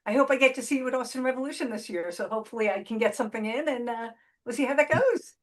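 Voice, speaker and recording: Lady host on zoom, a bit higher voice, chatty, stumbles and restarts a lot. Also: fast. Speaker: interview host. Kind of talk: casual video call interview. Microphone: video call.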